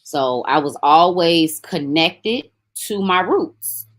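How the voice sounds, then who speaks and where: A woman from Memphis with a Southern accent, a podcast guest telling her story in a relaxed, conversational way. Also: fairly low pitch, takes it slowly. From Memphis, Tennessee. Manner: relaxed, conversational, animated when quoting others. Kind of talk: casual storytelling interview.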